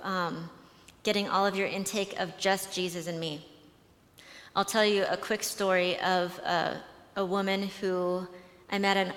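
A woman speaks at a conference with a mid-range, slightly bright voice, and a long hall reverb follows her words. Her talk is chatty and conversational, built around stories and full of fillers and restarts.

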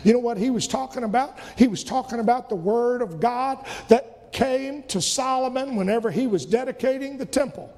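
In a church sanctuary, a male pastor with a very high-pitched, darkish voice preaches fervently at normal speed with hardly any pauses, repeating phrases and breaking into bits of hymns. Long church reverb and faint music are audible.

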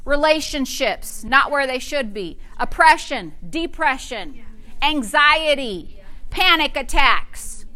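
Woman pastor, high and bright voice, fervent sermon delivery. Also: lively intonation, takes it slowly. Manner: fervent preaching with call-and-response interjections.

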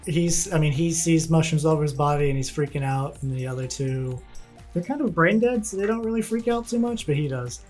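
Upbeat higher-voiced male game master. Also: darkish tone, faint music behind. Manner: casual, laughing, quick asides. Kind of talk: narrating a tabletop game.

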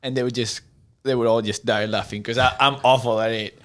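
A man's voice: mid-range voice, steady tone, brisk, fairly bright tone. A man who is a guest on a podcast, chatting casually, hesitant and stammering, with frequent laughter. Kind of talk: casual chat.

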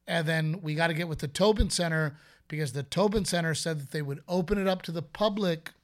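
A man co-hosting a podcast in casual chat, a joking, animated storyteller who swears freely. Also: a little high, a little fast. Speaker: podcast co-host.

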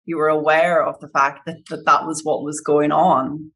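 A woman acting as coach, reflecting back what she heard in a calm, gentle way. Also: deep voice, normal speed. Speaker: coach or facilitator.

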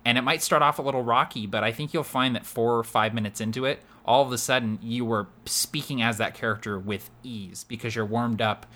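Guy on a podcast, bright voice, lots of um and you know, laid back chat. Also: medium pitch, steady tone, fairly quick, hardly any pauses. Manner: chatty, explains with many fillers. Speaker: podcast co-host. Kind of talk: casual chat.

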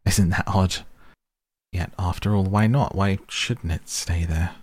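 A man's voice: low voice, fairly even intonation, takes it slowly, darkish tone. A man voicing a restless, possessive aging male hobbit who talks in a fussy, defensive way. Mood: evasive. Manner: fussy, turns snappish and defensive.

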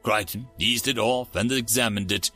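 A man narrating a story aloud in an expressive, animated audiobook reading. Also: fairly low pitch, normal speed, faint music behind.

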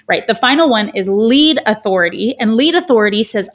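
Woman guest, fairly high voice, lively and theatrical, breaks into little character voices while explaining. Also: brisk, few pauses. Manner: animated, theatrical, does voices when quoting. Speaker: guest speaker. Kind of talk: podcast interview, explaining a framework.

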